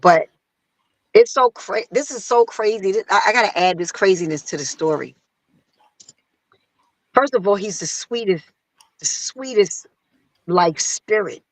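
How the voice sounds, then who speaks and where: A woman singer telling a story in casual conversation, acting out other people's lines in a higher voice. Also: a little slow, long pauses, dry recording, low-quality recording. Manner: animated, acts out quotes in a higher voice. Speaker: guest singer.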